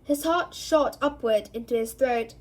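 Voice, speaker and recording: A woman reading a novel aloud in an expressive storytelling way, giving each character a voice. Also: on the high side, measured pace. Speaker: reader.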